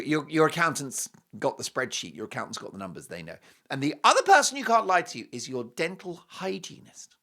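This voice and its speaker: A middle-aged British man delivering a talk show monologue, his voice swinging widely in pitch as he mocks and jokes. His tone is bright and forceful, and he leans into punchy asides and sudden emphasis. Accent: British English. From Britain. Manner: animated, mocking, jokey asides.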